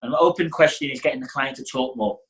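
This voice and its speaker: A man's voice: mid-range voice, fast, a bit bright, rough recording. A middle-aged man, a hairdressing educator giving a casual teaching talk and acting out client exchanges. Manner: chatty, acts out client dialogue.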